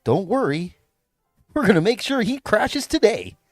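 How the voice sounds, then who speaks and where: A man putting on a cheery male purple dinosaur who hosts a kids' show, sing-song, slow and exaggerated. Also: sits high, sing-song, no echo, studio quality, soft background music, voice pushed up.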